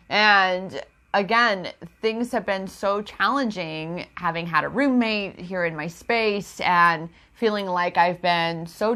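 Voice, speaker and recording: A woman's voice: medium pitch, pushed and bright. A woman talking in a personal vlog, emotional and confiding, using spiritual self-help language and calling her viewers goddess. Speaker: empowerment coach.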